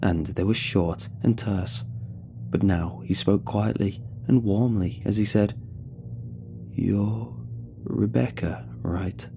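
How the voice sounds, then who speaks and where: A man narrating a scripted horror story in a tense, measured way. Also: on the low side, noisy background.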